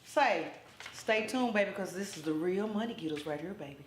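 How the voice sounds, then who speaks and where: A woman playing a rapid smooth-talking hustler. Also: mid-range voice, animated, lightly acted. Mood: coaxing. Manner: calls everyone baby and keeps saying "say". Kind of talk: comedy skit. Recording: echoey room with faint noise.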